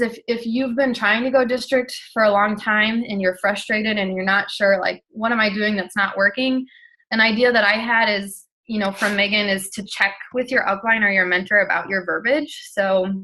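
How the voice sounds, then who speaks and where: A woman's voice: medium pitch, bright, forceful tone, poor audio. A young woman giving a casual motivational talk to her sales team, chatty and earnest with many fillers. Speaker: network marketing team leader.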